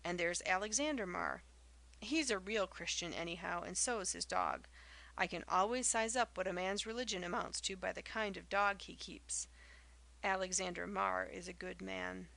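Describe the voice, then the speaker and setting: A woman reading the part of a spiteful old village gossip in an audiobook, loud and derisive, with rustic dialect. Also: fairly low pitch, normal speed, creaky.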